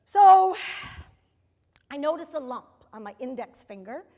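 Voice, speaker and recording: A woman's voice: high-pitched, expressive, unhurried, dark tone. A middle-aged woman doing a stand-up comedy routine, wry and self-mocking, with sudden exasperated bursts.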